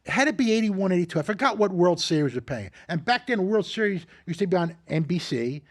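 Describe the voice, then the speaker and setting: An older man hosting a casual chat, telling animated, profane stories and acting out what others said. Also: high voice, fast talker. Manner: animated, profane, acts out quotes. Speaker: host.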